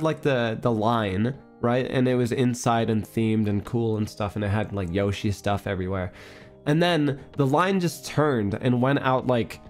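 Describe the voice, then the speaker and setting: A young man streaming a casual chat, his voice still a little hoarse and worn, rambling through an animated story. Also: medium pitch. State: hoarse, recovering voice.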